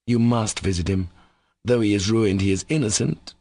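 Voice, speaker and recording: A man's voice: lowish voice, normal speed, dark tone, no echo. A man voicing an earnest young man in an audiobook, who speaks with urgent emphasis. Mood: insistent. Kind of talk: audiobook character voice.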